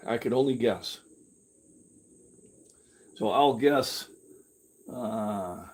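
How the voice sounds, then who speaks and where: A man's voice: mid-range voice, extremely slow, pauses often, a little mellow, breathy edge. An older man hosting a fitness channel, talking candidly in a rambling live-stream, with many restarts. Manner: candid, meandering, with frequent restarts; acts out his own past reactions in a mocking voice. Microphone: camera he carries himself.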